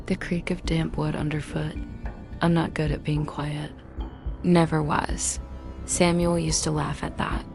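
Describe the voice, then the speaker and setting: A woman's voice: deep voice, gravelly. A woman narrating a first-person story in tense, clipped short sentences. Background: music.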